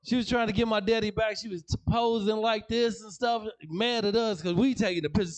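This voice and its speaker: A man's voice: high-pitched, steady tone, brisk, few pauses. A man performing a slangy stand-up set in a comedy club, telling family stories and acting out relatives. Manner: storytelling, slangy, acts out family members.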